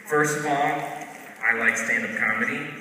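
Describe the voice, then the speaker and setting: A man judging an audition, giving relaxed, hesitant feedback. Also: mid-range voice, measured pace. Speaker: audition judge. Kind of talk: casual feedback. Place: large echoey hall. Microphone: far room mic. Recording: echoey hall from far off, noisy.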